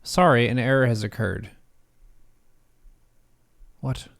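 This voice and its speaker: A man's voice: medium pitch, slow, vocal fry. A man streaming live, reading quiz questions aloud and musing over each answer in a casual way. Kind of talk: casual livestream commentary.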